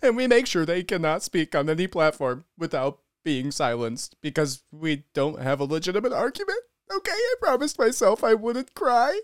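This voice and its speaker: A man's voice: on the high side, sing-song, normal speed, hardly any pauses, no room sound, clean studio sound. A man putting on a mocking impression of a self-righteous female official, sarcastic and pompous.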